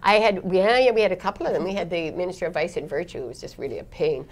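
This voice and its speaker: Speaking quickly in a lowish voice, a middle-aged woman who works as a foreign correspondent tells the story of her career in a relaxed, reflective interview. She laughs a lot and keeps restarting sentences.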